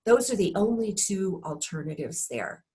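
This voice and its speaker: A woman teaching a recorded course lesson, speaking deliberately and posing reflective questions. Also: mid-range voice, big pitch swings, dark tone. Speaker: course instructor.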